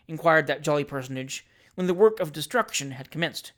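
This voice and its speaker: A measured storyteller reading a classic novel aloud for a podcast. The delivery is even and wry, with steady, scripted pacing. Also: medium pitch. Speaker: audiobook narrator.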